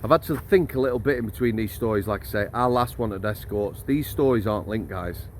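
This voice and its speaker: A man's voice: lowish voice, brisk, slight background noise. Blunt, jokey man. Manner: chatty, blunt and jokey, laughs mid-story, addresses viewers as guys. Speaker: former prison officer telling stories. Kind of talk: casual storytelling to camera.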